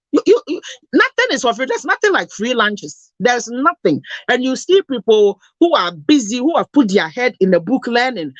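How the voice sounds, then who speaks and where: A woman's voice: fairly high pitch, no room sound. Emotional Ghanaian woman, scolding. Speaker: host. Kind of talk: impassioned talk, mixing Twi and English.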